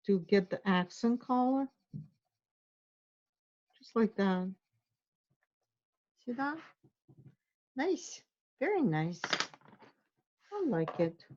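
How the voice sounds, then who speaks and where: A woman's voice: medium pitch, a little slow, pauses often, lo-fi sound. Encouraging woman teaching a drawing lesson. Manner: encouraging, drawing while she talks. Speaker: art instructor.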